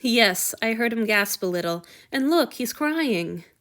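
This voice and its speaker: Woman narrator doing a brisk, motherly healer, slow and unhurried, gently scolding. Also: on the high side, animated. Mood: fondly scolding. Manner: soothing, matter-of-fact. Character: calm, fond woman healer, brisk and kindly.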